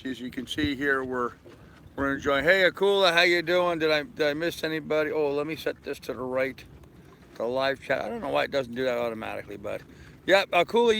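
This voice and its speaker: A man's voice: on the high side, sharp tone, slight background noise. An older man chatting casually and rambling on a live stream from the deck of his sailboat, talking to viewers and his dog. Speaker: sailing vlogger.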